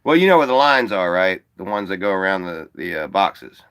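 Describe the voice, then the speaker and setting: A man's voice: low voice, sing-song, fairly quick, a bit bright, clean tone. A man hosting a livestream, chatting casually and bluntly with callers, joking and swearing freely. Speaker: livestream host. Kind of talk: casual profane livestream chat.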